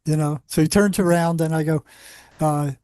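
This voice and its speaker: A man who worked as a psychologist on a psychiatric unit, telling animated anecdotes in a casual interview with lots of restarts. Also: on the high side, moderate pace, no room sound, studio quality.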